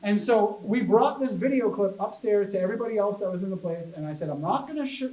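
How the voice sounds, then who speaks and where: A man giving a casual public talk about ghost hunting as a chatty, animated storyteller who jokes with his audience. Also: high voice, fast. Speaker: paranormal investigator giving a talk. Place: public library meeting room. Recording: echoey room, voice from a distance.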